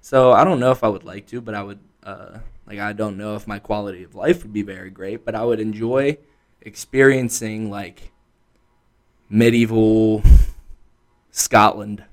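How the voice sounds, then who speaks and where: A man's voice: lowish voice, fairly even intonation, normal speed. A young man co-hosting a podcast in casual chat, laid-back and profane, dropping "dude" and "like" often. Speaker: podcast co-host.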